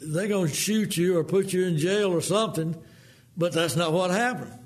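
A man preaching a sermon in a folksy manner, acting out quotes in a lower voice. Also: moderate pace.

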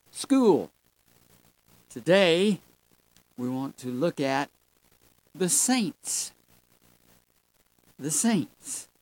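A preacher teaching a Bible lesson at a slow, deliberate pace, leaning on key words by saying them twice over. The listeners get called folks. The sound is dry, with no room echo. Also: medium pitch. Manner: emphatic, repeats key words for stress. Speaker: Sunday school preacher.

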